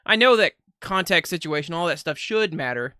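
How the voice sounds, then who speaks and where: A man's voice: a little high, lively intonation, moderate pace, pushed and bright, smooth, no echo, clean studio sound. A man co-hosting a podcast, speaking frankly and offering his opinions. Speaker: podcast co-host. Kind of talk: casual chat.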